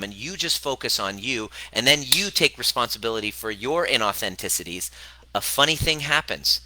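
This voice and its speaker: With a bright, forceful tone, a man in his forties serves as host and coach for a motivational talk, speaking bluntly, swearing freely and swooping his pitch for emphasis. The low-quality recording has no room sound.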